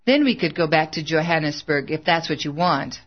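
A narrator reading a cautious, worried church manager. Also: male voice, fairly high pitch, animated, moderate pace, highs cut off. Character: worried male ministry manager.

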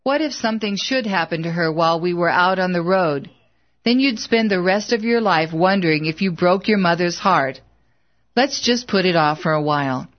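A woman reading the part of an earnest, humble young preacher, speaking softly and pleadingly in a storybook. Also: fairly low pitch, lively intonation, moderate pace, muffled recording, close to an everyday voice. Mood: resigned.

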